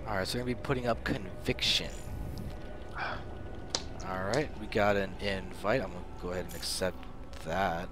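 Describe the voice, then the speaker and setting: A young man casting a live strategy game match as stream host, excitable and prone to loud bursts at big plays. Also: low-pitched, normal speed, long pauses, over music. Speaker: esports caster and stream host. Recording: faint background noise.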